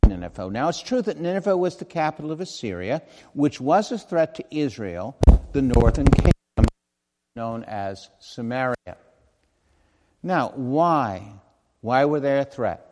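A man's voice: medium pitch, animated, unhurried, very noisy. A man preaching a sermon in an earnest, conversational way, with asides and self-corrections. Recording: long hall reverb.

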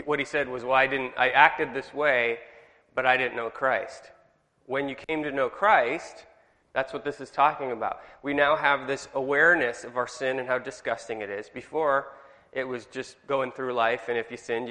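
A Californian man teaches a church study group in a bright, forceful voice. He keeps throwing questions to the room. Long reverb from the hall trails every phrase. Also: mid-range voice. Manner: chatty, asks the group questions. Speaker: Bible study leader.

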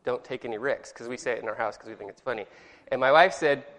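A man leads an informal Bible study in a chatty, rambling way, quizzing his class and correcting himself as he goes. His medium-pitched, fairly bright voice moves fast, and the reverberant hall gives a long echo.

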